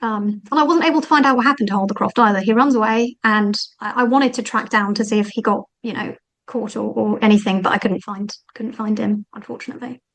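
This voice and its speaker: A woman talking as the guest author in an interview, animated and thinking aloud with frequent fillers. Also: mid-range voice, quick pace, low-quality recording. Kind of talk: conversational interview.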